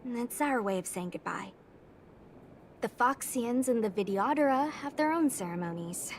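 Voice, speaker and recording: A woman's voice: on the high side, lively intonation, moderate pace, a little hiss or hum, lightly acted. A woman voicing a blunt, curious young swordswoman. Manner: blunt, curious, a little flustered. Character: young woman soldier, frank and a bit naive. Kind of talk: video game cutscene dialogue.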